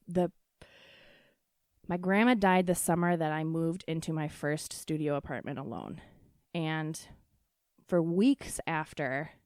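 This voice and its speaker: A young adult woman hosting a podcast, telling a personal ghost story casually, with laughs, swearing and quick asides. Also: lowish voice, a little mellow, no echo, clean studio sound. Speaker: podcast host.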